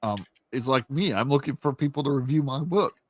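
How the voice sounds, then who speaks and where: A man's voice: medium pitch, fairly quick. A young man ranting in a casual monologue, blunt and heavy with swearing, as an indie author promoting his book. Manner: profane, blunt and animated. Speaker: indie author and channel host.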